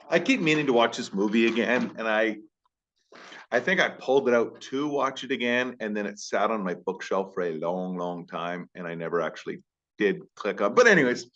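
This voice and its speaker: A man who teaches high school, talking casually to camera in a rambling, self-deprecating way. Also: fairly bright tone, dull audio. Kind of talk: casual vlog talk.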